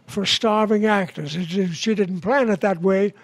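High-voiced older man, halting storyteller. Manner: halting, many restarts and chuckles. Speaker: guest. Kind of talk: anecdotal interview chat.

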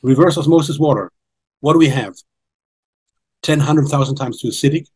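Husky older man explaining insistently. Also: a little high, moderate pace, darkish tone, low-quality recording. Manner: earnest, insistent, repeats key points. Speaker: documentary guest presenting research. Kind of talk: explanatory interview talk.

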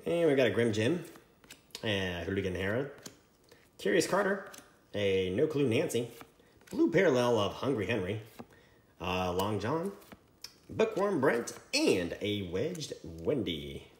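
A man hosting a trading card break, reading out card names in a running list with quick asides. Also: lowish voice, big pitch swings. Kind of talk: casual card-opening commentary. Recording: echoey room with faint noise.

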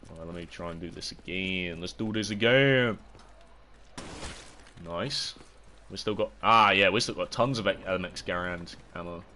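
Excitable young British man streaming games. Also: sits low, normal speed, a little hiss or hum. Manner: excitable, yelps and shouts at the game, chats to viewers. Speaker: livestreamer. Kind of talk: casual gaming livestream commentary.

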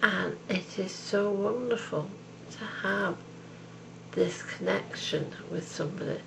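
A woman's voice: mid-range voice, slow, creaky, background noise. An older woman speaking at home in a tender, devout personal message, calling the listener love and darling. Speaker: video message sender.

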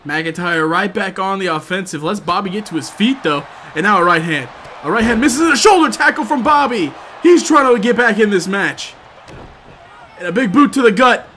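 A man doing sports-style play-by-play commentary, moving from steady calls to loud, shouted excitement. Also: sits high, moderate pace, slight background noise. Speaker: commentator for his own gameplay video.

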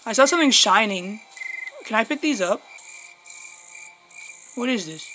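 Her voice is high with lively intonation as this young gaming YouTuber plays a horror game on video, shrieking at scares and muttering between them. She speaks at a measured pace, pausing often, her throat strained from screaming, and the recording is very noisy.

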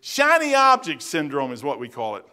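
A man's voice: a little high, huge pitch swings, moderate pace, sharp tone. A man preaching a sermon in a church as its pastor, telling stories in a folksy, plain-spoken way with bursts of emphasis. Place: church sanctuary.

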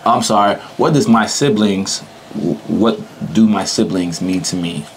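Being interviewed in relaxed conversation, this young man talks at a measured pace in a fairly low voice, using slang and laughing often. The rough recording carries a little hiss or hum.

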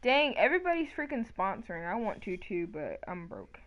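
A woman's voice: mid-range voice, sing-song, brisk, noisy background. A young woman giving casual, profane commentary while streaming a game, often exasperated and talking to her chat. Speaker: gamer streamer.

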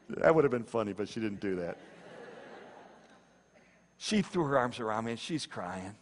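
Animated man telling a testimony in a hall. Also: mid-range voice, moderate pace. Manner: animated storytelling with repetition and acted quotes. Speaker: speaker giving a testimony. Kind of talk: sermon-style personal testimony.

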